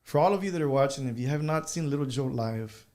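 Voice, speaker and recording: Musician guest, man, mid-pitched voice, chatty storyteller who code-switches. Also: quick pace. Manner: animated anecdotes with slips into Spanish phrases. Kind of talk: casual interview storytelling.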